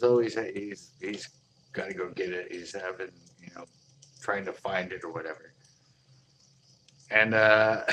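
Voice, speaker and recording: A man tells a story in a low, relaxed voice. He talks in easygoing slang and acts out both sides of the conversation with lively swings. A faint hiss sits under the recording. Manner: laid-back slang, lots of "dude" and "like". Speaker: boutique owner telling a story. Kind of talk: casual storytelling.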